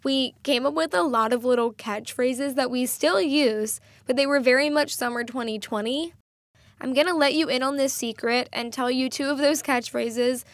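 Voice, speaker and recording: A young woman talks through her own solo podcast in a chatty, enthusiastic way, often laughing at herself. Her voice sits a little high, and the sound is close and dry with almost no room around it. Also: normal speed, no room sound. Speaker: podcast host.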